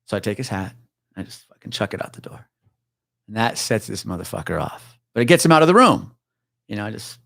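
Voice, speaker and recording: A man in his forties, a retired police officer, telling a profane, animated story as a podcast guest. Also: lowish voice, fast, vocal fry, no echo, studio quality. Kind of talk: casual storytelling chat.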